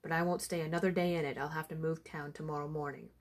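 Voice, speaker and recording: A woman voicing a stern, dismissive village doctor who speaks gruffly. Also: deep voice, fairly even intonation, fast. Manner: gruff, scolding.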